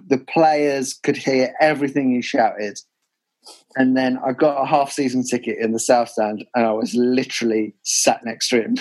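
A man's voice: medium pitch, low-quality recording. A man hosting a casual football podcast, reading out listener questions and telling fan anecdotes. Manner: reads listener questions, tells anecdotes with shouted impressions. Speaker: podcast host. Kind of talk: casual chat.

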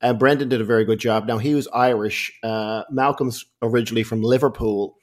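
A man with a Newfoundland accent talks in an interview, animated and often correcting himself mid-sentence. His voice sits in an ordinary middle range. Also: mid-range voice, a little fast. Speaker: actor and comedian guest. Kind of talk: interview storytelling.

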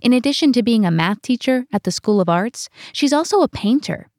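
A woman narrating a true story in an earnest, measured way, as the host. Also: on the high side, animated, darkish tone, dry recording, clean studio sound. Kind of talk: scripted narration.

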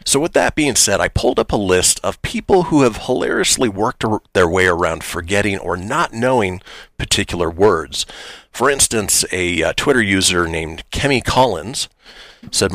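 A man's voice: fairly low pitch, normal speed, no room sound. A man hosting a casual morning radio show, reading listener posts aloud and joking about them. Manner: lively, reads listener posts aloud with jokes.

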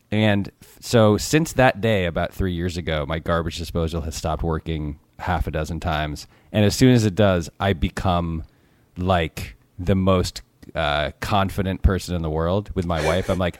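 A middle-aged man with a notably low, deep voice tells a story in relaxed chat. He pokes fun at himself and trips over his words with frequent restarts. The sound is close and dry. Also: moderate pace, no room sound. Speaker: podcast guest, TV producer. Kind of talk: casual storytelling.

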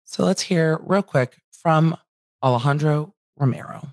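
A woman's voice: sits low, measured pace, darkish tone, no echo, clean studio sound. Chatty woman giving legal commentary. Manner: chatty, paraphrasing testimony with asides.

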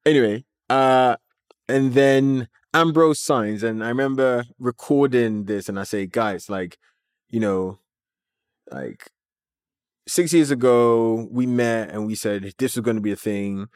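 A man, a company founder, telling a story as an interview guest in an animated way, with many filler words. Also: medium pitch, a little slow, clear, resonant tone, dry recording, clean studio sound.

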